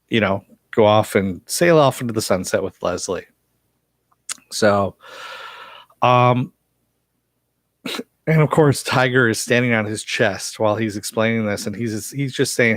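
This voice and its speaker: A man's voice: on the low side, a bit bright, dry recording, studio quality. Rambling man recapping a show. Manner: rambling with frequent fillers and chuckles. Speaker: TV show reviewer. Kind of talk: live stream recap.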